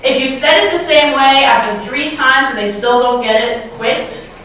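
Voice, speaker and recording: A woman's voice: high voice, normal speed, a bit bright. A woman giving a motivational keynote to a live audience, playful and full of questions to the crowd. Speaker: keynote speaker. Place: large hall, live audience. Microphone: handheld microphone. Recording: very echoey hall, mic from far off.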